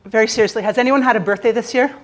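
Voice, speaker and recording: A Canadian woman with a slightly high voice gives a motivational keynote from a conference stage. She is playful and jokey, and she teases the crowd as she goes. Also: very fast. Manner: playful, jokey, teasing the audience. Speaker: keynote speaker.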